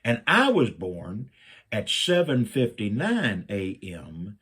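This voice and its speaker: A middle-aged man from Virginia, telling a personal story and acting out his own lines with big jumps up in pitch. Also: takes it slowly, breathy edge. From Virginia, USA. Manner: animated, jumps up in pitch when quoting himself.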